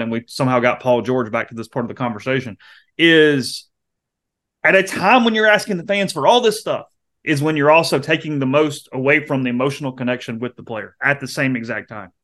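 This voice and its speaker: A man's voice: a little high, fairly bright tone. A man co-hosting a sports podcast, talking casually and leaning on filler phrases. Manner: rapid, conversational, lots of "I mean". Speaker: podcast co-host.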